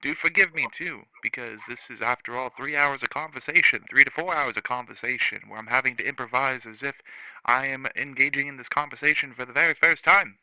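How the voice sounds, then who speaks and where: A man's voice: mid-range voice, fairly quick, bright, forceful tone, clear, resonant tone, no echo, poor audio. A man hosting a podcast interview, talking in a mock early-1900s radio talk show host manner. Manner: mock old-time radio host delivery.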